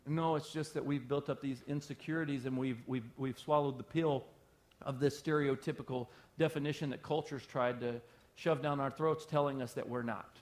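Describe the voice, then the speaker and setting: A man's voice: mid-range voice, steady tone, normal speed. A man who is a pastor, preaching an emphatic sermon to his congregation with heavy repetition and call-and-response.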